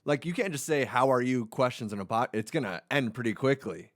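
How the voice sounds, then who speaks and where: A man's voice: mid-range voice, expressive, a little fast, dry recording. A male podcast host with a mid-range voice talks in a reflective, rambling way. The recording is dry and close to the mic. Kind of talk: casual podcast chat.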